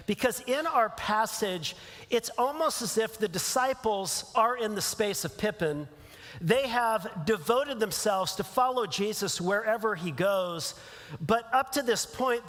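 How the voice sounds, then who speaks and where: A pastor giving a conversational sermon in a church, with casual fillers and restarts. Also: male voice, high voice, fairly bright tone, long reverb tail. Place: church sanctuary.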